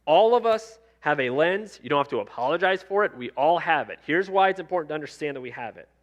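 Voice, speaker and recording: A man's voice: fairly high pitch, expressive, fast talker. A male pastor delivering a sermon in a conversational preaching style, circling back to repeated refrains. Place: church sanctuary.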